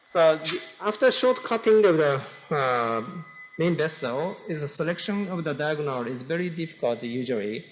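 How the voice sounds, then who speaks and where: A man with a Japanese accent explaining a live heart procedure as he works, halting with many fillers and restarts. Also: on the high side, lively intonation, a little hiss or hum, rough recording. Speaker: cardiologist performing a live procedure. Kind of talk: live case explanation at a conference.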